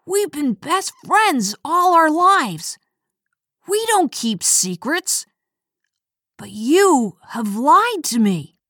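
A woman's voice: on the high side, very animated, slow pace, no echo, studio quality, exaggerated voice. A woman voicing a hurt and angry teenage boy who feels betrayed by his best friend, pleading and then accusing.

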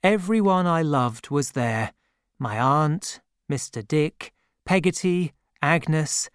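Slow, clear male storybook narrator. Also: on the high side, lively intonation, dry recording, clean studio sound. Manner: slow, careful reading with mild character voicing. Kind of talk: scripted audiobook narration.

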